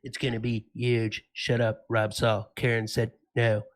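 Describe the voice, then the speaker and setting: A man's voice: mid-range voice, flat delivery, a little slow, natural voice. A man doing a comedic impression of a brash, boastful older male politician, in clipped declarations during podcast banter.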